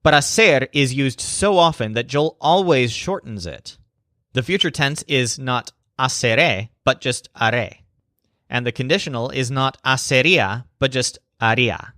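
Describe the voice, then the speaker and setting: A man narrating a scripted language lesson as teacher, slowing down to spell out example phrases. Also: medium pitch, pushed and bright, no echo, studio quality.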